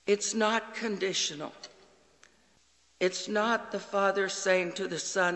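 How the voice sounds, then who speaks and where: Slow, gravelly preaching man. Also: high-pitched, steady tone, sharp tone, in a large hall, rough recording. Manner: slow, earnest preaching with quoted dialogue. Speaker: pastor. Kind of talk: sermon.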